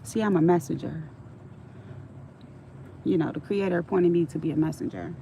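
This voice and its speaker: A woman's voice: fairly low pitch, moderate pace, vocal fry, warm tone, low-quality recording. A middle-aged woman telling stories on a casual livestream, frank and streetwise, swearing freely, with faint traffic noise behind her.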